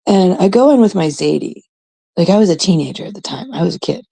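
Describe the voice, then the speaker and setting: A woman's voice: fairly low pitch, lively intonation, fast, gravelly, warm tone, breathy edge, poor audio. A woman in her thirties, a host from Canada, telling a rambling, casual story full of swearing and quoted voices. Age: 30s.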